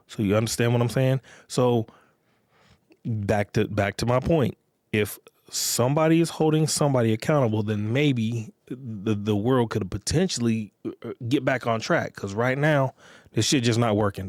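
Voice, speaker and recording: A man's voice: mid-range voice, normal speed, darkish tone, no echo, studio quality. A man hosting a podcast, talking in a casual, rambling, profane monologue and often checking in with his listeners. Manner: rambling, profane, repeats "you get what I'm saying". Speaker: podcast host.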